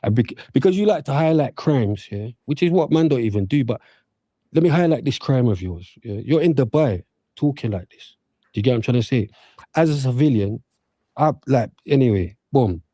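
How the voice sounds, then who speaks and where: Brief: man, mellow tone, dry close sound, defiant and repetitive. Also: medium pitch, lively intonation, moderate pace, no room sound. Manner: keeps asking "do you get what I'm saying", defiant. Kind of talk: casual response video.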